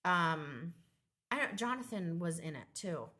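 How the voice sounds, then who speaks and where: A woman's voice: on the low side, sing-song, a little slow. A woman co-hosting a casual podcast, telling a workplace story with lots of swearing and acted-out voices. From Southern California. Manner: swears freely, tells stories with loud laughing impressions. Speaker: podcast co-host. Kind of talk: casual chat.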